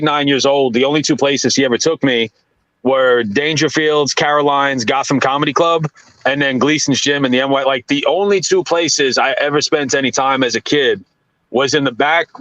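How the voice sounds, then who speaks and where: A man hosts a loose group chat over a voice call, full of crude jokes and banter. His voice sits at an ordinary middle pitch. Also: a bit bright, no echo, low-quality recording. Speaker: podcast host.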